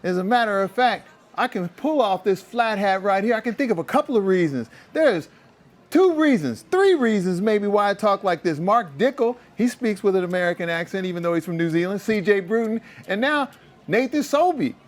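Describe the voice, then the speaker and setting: A man's voice: mid-range voice, a little fast, hardly any pauses, natural voice. A man voicing a boastful player who fakes an American street drawl, full of slang.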